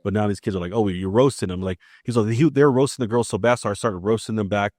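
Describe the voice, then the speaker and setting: A Maryland podcast host with a fairly low, darkish voice talks at a quick pace, casually telling family stories and playing out the dialogue. The recording is dry and studio-clean.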